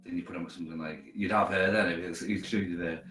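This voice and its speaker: A man's voice: low voice, steady tone, racing, fairly bright tone, soft background music. A man casually giving betting odds in an offhand way. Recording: roomy, distant sound.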